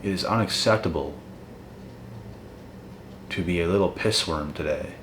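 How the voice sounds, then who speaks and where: A man with a very low voice delivers a blunt, profane motivational rant, calling out his critics head-on. The room around him rings with echo, and a faint hiss sits under the voice. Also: moderate pace, fairly bright tone. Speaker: motivational channel host. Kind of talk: ranting motivational monologue. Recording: echoey room with faint noise.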